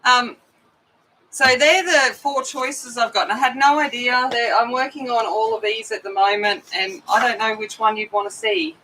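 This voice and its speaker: A woman's voice: fairly high pitch, moderate pace, hardly any pauses, pushed and bright, rough recording. A middle-aged woman hosting a coloring live stream, chatting casually and rambling as she greets viewers by name.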